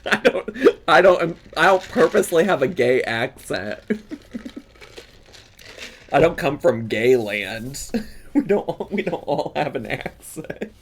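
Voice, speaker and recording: A man's voice: medium pitch, very animated, unhurried. A man in his thirties giving casual, playful reaction commentary, laughing often. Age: 30s. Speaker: YouTube reaction host.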